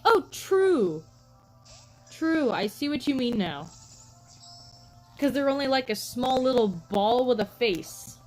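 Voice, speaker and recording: A woman's voice: high voice, sing-song, slow, pauses often, darkish tone, soft background music, low-quality recording. A young woman chatting casually on a live stream, telling rambling stories full of "like" and "um" and greeting viewers. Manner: chatty storytelling, frequent "like" and "um" fillers.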